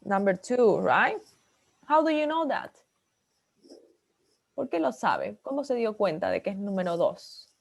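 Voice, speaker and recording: A woman's voice: medium pitch, sing-song, normal speed, creaky, pauses often. Bilingual woman teaching an English class. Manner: explains in English, then repeats in Spanish.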